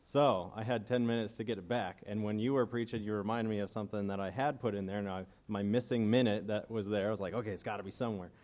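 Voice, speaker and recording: A man's voice: lowish voice, steady tone, fast talker, hardly any pauses, darkish tone. A man preaching a casual, earnest and emotional sermon, reading scripture aloud and commenting between passages.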